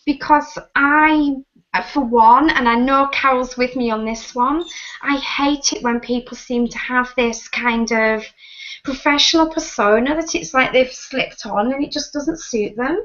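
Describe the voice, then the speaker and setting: Woman, Northern English accent, croaky, emphatic casual chat, high voice, muffled call audio. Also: measured pace, fairly bright tone. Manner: emphatic, chatty, repeats "actually". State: croaky from a sinus infection. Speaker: guest.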